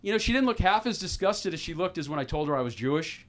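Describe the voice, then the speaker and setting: A man in his fifties doing a self-deprecating stand-up set at an open mic, halting and restarting often. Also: a little high, animated, over a noisy crowd. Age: 50s. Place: small comedy club stage with audience.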